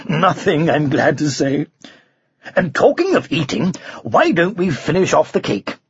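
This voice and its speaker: A man voicing a kindly, jovial knight in a storybook reading, a bit deeper than his narration. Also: big pitch swings, unhurried, slightly rough, no room sound, muffled recording, exaggerated voice. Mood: fond.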